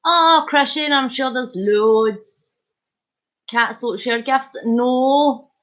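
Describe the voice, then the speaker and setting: High-voiced jokey woman streamer. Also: drawn-out words, a bit bright, dull audio. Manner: chatty, jokey, punning, laughs often. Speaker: livestream host. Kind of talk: casual live chat reading comments.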